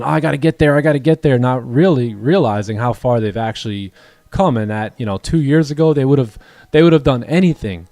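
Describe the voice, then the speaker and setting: A man hosting a live trading stream, encouraging his students and telling animated stories with voiced quotes. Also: no echo. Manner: animated storytelling, acts out quoted dialogue in a higher voice; encouraging, motivational. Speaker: day-trading coach and stream host. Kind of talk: casual livestream chat.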